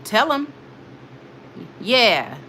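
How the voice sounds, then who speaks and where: A woman's voice: a little high, sing-song, drawn-out words, bright, forceful tone, slight background noise. A woman hosting her own live stream, reading viewers' comments aloud and scolding rude commenters, emphatic and repeating herself for effect. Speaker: livestream host.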